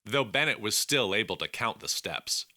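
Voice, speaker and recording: A man narrating an audiobook in a measured, expressive storytelling manner. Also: on the low side, no echo, studio quality.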